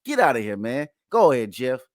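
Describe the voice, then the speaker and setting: A man's voice: medium pitch, very animated, brisk, no echo, clean studio sound. A man hosting a casual sports reaction video, emphatic and playfully mocking, repeating his points.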